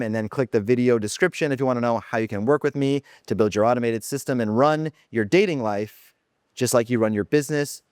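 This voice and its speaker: A man's voice: mid-range voice, smooth, no room sound, clean studio sound. Brash man vlogging from his home office. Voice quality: brash, blunt, heavy filler words. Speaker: dating coach vlogger. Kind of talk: casual monologue.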